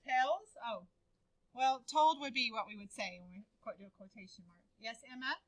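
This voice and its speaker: A woman's voice: on the high side, animated, moderate pace, dry recording, rough recording. A woman teaching a writing lesson to a class, calling on students by name and encouraging them.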